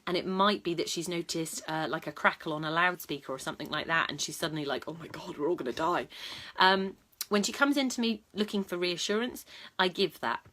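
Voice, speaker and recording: There's a faint hiss or hum behind this woman's lowish, sharp voice. As a dog trainer and vlogger, she offers casual advice to the camera in a chatty, matter-of-fact way, often saying um and starting over.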